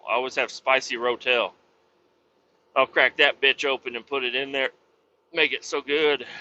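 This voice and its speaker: A man with kids, hosting a podcast, telling a story in a casual, profane monologue that breaks into loud exclamations. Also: fairly high pitch, lo-fi sound. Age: adult with kids. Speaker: podcast host.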